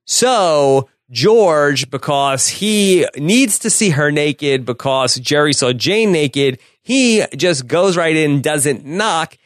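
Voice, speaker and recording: A man co-hosting a podcast, casually retelling a sitcom episode scene by scene with quick laughs. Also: a little high, animated, no room sound, clean studio sound. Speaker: podcast co-host.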